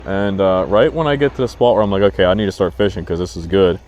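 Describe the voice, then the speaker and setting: Excited man fishing on a river. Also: low voice, fast talker, highs cut off. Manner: excited, talks to the fish. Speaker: fishing vlogger. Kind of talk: casual narration while fishing. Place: outdoors on a river boat.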